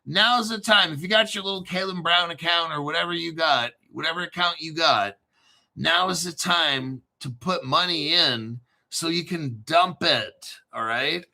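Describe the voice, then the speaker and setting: A man's voice: fairly high pitch, normal speed, vocal fry, bright, forceful tone. A man hosting a crypto channel, ranting brashly and sarcastically and swearing a lot. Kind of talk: profane ranting monologue.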